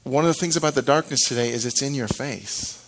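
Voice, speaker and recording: Animated middle-aged male preacher. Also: medium pitch, quick pace. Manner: animated, acts out quoted reactions, frequent restarts. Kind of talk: sermon.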